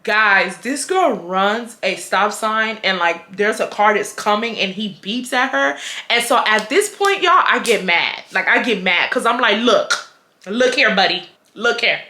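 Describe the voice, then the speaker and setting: Bright-voiced young woman telling a story. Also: mid-range voice, unhurried, reverberant. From Houston, Texas. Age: 20s. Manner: animated, blunt, profane, laughs often. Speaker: vlogger. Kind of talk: casual storytime.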